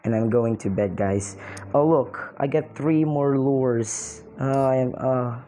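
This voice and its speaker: A young woman narrates her gameplay in an excitable, exclaiming way, laughing often. Her voice sits low and sounds warm and mellow. She talks at an unhurried pace, and a faint hiss of noise stays under her voice. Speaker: mobile game player.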